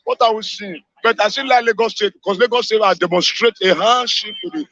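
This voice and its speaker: A man's voice: sits high, fairly quick, dry recording. Fiery Nigerian man ranting on radio. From Edo State, Nigeria. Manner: fiery, shouting, repeats himself, mixes in Pidgin. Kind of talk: impassioned live radio call-in rant. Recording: dull lo-fi radio audio.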